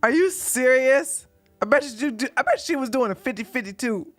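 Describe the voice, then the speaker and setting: A woman's voice: high-pitched, expressive, normal speed, faint music behind. A woman hosting a commentary show, reacting to a clip with chatty, blunt opinions and laughter. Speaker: commentary host.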